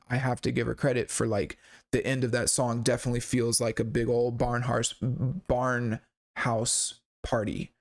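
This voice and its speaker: Gravelly-voiced man breaking down a song. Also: medium pitch. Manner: rambling, with many fillers and restarts; laid-back and candid, with occasional swearing. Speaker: songwriting channel host. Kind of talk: casual song breakdown commentary.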